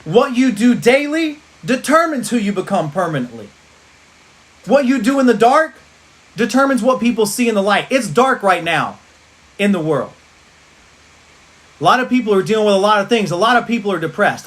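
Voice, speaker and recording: A man giving an energetic motivational pep talk to his team on a livestream, repeating rallying lines like a preacher. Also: high voice, normal speed, long pauses.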